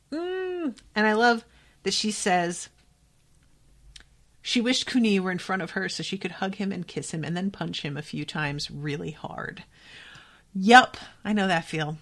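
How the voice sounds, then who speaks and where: A woman hosting a casual book-reaction podcast, reading passages aloud and reacting with expressive, profane outbursts. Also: medium pitch. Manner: expressive and profane, swings between quiet reading and excited outbursts. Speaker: podcast host.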